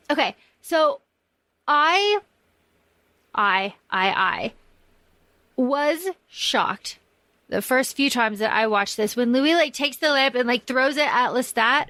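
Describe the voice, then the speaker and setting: A woman's voice: high-pitched, sharp tone, no echo. A woman co-hosting a podcast, rambling enthusiastically about a movie and swearing freely. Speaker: podcast co-host. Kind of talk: casual film discussion.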